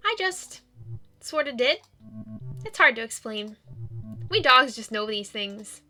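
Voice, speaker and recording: A woman's voice: fairly high pitch, lively intonation, takes it slowly, bright, forceful tone, soft background music, heavily acted. A woman voicing a sweet, eager young male dog ghost in a video game, talking in a bubbly, childlike, apologetic way. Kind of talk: video game character reading.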